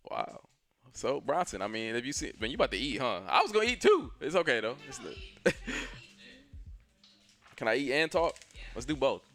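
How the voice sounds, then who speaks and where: A man's voice: medium pitch, very animated, normal speed, creaky, pauses often, fairly bright tone. A man co-hosting a casual stream, laid-back and slangy, chuckling often. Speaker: co-host.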